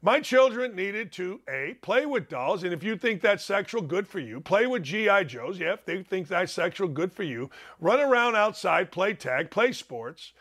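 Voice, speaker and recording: Older guy ranting on his talk show, blunt and combative, kinda high pitched, bright sharp tone. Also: very animated, normal speed, hardly any pauses. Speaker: sports talk show host. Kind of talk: opinionated talk show monologue.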